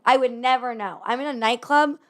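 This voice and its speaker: A woman's voice: a little high, fairly quick, a bit bright. A woman guest on a podcast, talking in a blunt, candid way and swearing freely in casual chat.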